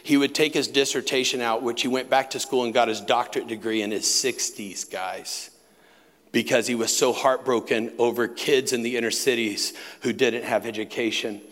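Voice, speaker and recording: A man's voice: mid-range voice, steady tone, moderate pace, fairly bright tone. A male pastor preaching a sermon, telling a personal story in a conversational way with emphatic asides. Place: retreat center meeting hall. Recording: long hall reverb.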